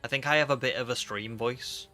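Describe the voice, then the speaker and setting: British male streamer, bright chatty voice, rambly, faint music behind. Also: medium pitch, steady tone, brisk. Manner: chatty, reads chat aloud, rambling with fillers. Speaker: game streamer. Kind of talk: casual live-stream chat.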